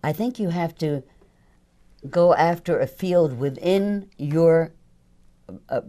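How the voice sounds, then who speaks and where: Older female guest, low register, easygoing, self-mocking. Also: slow, dark tone. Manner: chatty, laughs often, self-deprecating. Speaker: voice actress guest. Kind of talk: casual interview chat.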